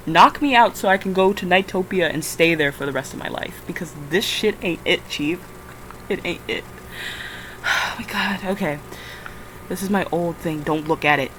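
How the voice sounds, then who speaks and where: A woman's voice: on the low side, animated, unhurried, pauses often, fairly bright tone, slight background noise, low-quality recording. A tired woman rambling through a casual screen-recording vlog, swearing often and flaring into frustrated outbursts. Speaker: vlogger.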